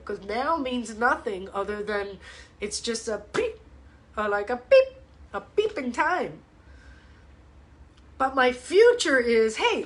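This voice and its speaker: A woman's voice: sits high, a bit bright. A woman fitness coach ranting in a blunt, opinionated way with swearing, chatting live to viewers from home. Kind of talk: live ask-me-anything chat. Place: home, livestream. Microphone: webcam or phone mic.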